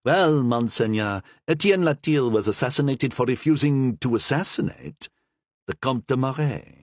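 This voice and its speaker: A man's voice: medium pitch, expressive, moderate pace, darkish tone, dry recording, natural voice. A man voicing a sly, deferential male Capuchin friar in a storybook reading, talking eagerly.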